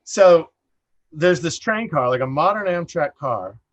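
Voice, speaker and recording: A middle-aged man telling a casual story as a podcast guest, rambling and animated, full of "like" fillers. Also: fairly high pitch, a little slow, muffled recording. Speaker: podcast guest, production designer.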